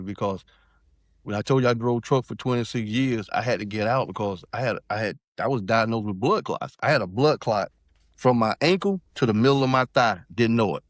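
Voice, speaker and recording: Here a podcast guest, a middle-aged man from South Carolina, talks fairly quickly in a mid-range voice. His personal story comes out loose and rambling, with many restarts and fillers. The recording is dry and studio quality.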